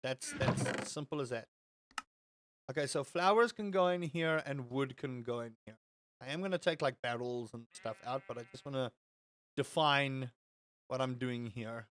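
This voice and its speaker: A man's voice: medium pitch, normal speed, fairly bright tone, slight background noise. A young man streaming a game and chatting loosely to his viewers, often restarting and repeating words and swearing. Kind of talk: casual live-stream chat while gaming.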